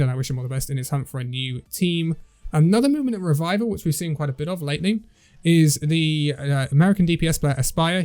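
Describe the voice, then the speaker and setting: Chatty man with a higher voice. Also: darkish tone, smooth. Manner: stumbles over player names, chatty asides. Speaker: esports news host. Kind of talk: casual news roundup.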